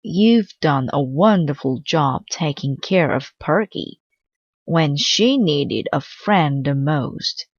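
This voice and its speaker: Doting older lady for a storybook read-aloud, read by a woman; lowish voice, slightly dull. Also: animated, slow, no room sound, exaggerated voice. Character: fussy older lady dog owner, doting. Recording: slightly dull dry recording.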